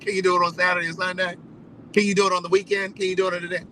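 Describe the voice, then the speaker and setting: A man telling a story in a casual, animated, profane way, repeating phrases for emphasis. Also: high voice, rapid-fire, a little hiss or hum, rough recording. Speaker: vlogger.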